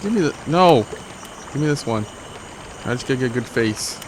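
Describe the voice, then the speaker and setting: A man's voice: medium pitch, animated, normal speed, noisy background. Joking man doing gameplay commentary. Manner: joking, rambling, self-mocking asides. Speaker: let's play host.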